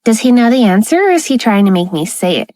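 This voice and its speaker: A woman voicing a cheery, curious young wife with a bright, eager manner in a romance audiobook. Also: fairly high pitch, sing-song, fast, dry recording, pitched above the performer's own voice.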